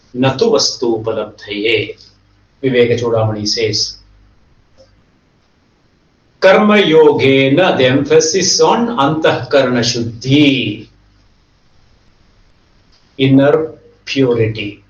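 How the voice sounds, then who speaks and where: A man teaching a Vedanta class, explaining concepts and rapidly chanting Sanskrit verses. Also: mid-range voice, reverberant, far from the mic, muffled recording.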